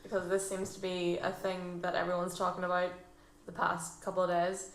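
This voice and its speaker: A woman's voice: lowish voice, completely flat delivery, moderate pace. A woman co-hosting a podcast, chatting casually in a teasing way. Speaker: podcast co-host. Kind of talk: casual banter. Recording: echoey room with noticeable hiss.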